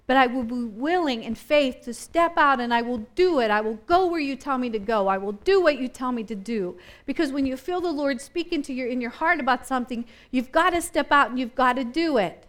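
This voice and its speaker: A woman's voice: high-pitched, expressive, a little fast, few pauses. A woman preaching a sermon, impassioned and repetitive, building up and easing back in intensity.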